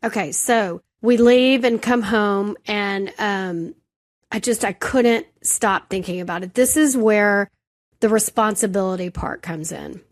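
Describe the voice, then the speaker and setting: A woman co-hosting a podcast, telling a personal story in casual chat, animated and self-deprecating. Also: medium pitch, a little slow. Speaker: podcast co-host.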